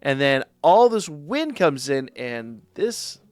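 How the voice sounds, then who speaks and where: A man's voice: fairly high pitch, takes it slowly, no room sound, soft background music. A man hosting a manga reaction channel, talking casually and with enthusiasm, often tripping over and repeating his words. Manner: enthusiastic, rambling, repeats words when excited. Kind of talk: casual reaction and review chat.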